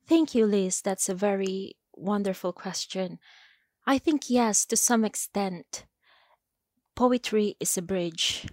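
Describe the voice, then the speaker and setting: Slow, measured woman poet. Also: medium pitch, a little mellow, dry recording, studio quality. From Philippines. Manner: slow, measured, deliberate delivery. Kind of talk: poetry reading and interview answers.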